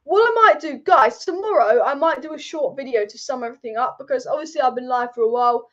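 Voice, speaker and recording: Excitable high-voiced woman streaming. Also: fast, muffled recording. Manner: excitable, rambling, repeats herself. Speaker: fan livestream host. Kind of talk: live fan commentary chat. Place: sitting at home.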